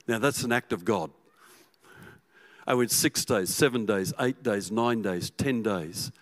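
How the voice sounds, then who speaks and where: A man preaching a sermon as pastor, telling the story with animation and swinging from loud to hushed. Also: on the low side, a little slow.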